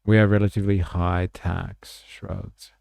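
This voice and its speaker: A man's voice: deep voice, little pitch movement, unhurried, gravelly, a little mellow, no echo, studio quality. A man hosting a livestream, giving casual, sardonic commentary on clips and reading chat aloud. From Australia. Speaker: livestream host.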